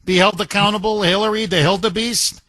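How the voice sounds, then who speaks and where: A man's voice: high-pitched, steady tone, fairly quick, pushed and bright, no echo. Emphatic talk radio host, man. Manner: emphatic, repetitive, combative.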